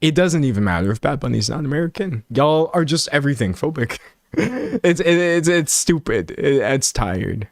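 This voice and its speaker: A man's voice: fairly high pitch, normal speed, vocal fry, no echo, studio quality. A man commentating on a live stream and reading chat aloud. He rambles, restarts his sentences and pokes fun at himself. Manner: animated and rambling, self-mocking, many restarts.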